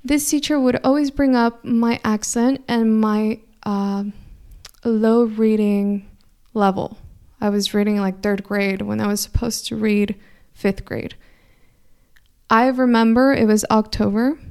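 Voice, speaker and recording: A woman's voice: fairly high pitch, a little mellow, clear, resonant tone. A young woman from California, a native Spanish speaker with a slight Mexican Spanish accent, telling a reflective personal story in an earnest, thoughtful way. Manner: earnest, thoughtful, frequent restarts.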